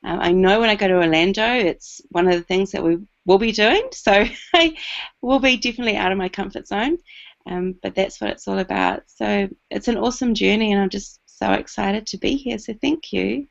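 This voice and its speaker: A woman's voice: medium pitch, moderate pace, vocal fry. A woman with a New Zealand accent chatting casually on a video call, a little hesitant with many fillers. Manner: warm, slightly hesitant with fillers. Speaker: new team member. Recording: dull lo-fi video call audio.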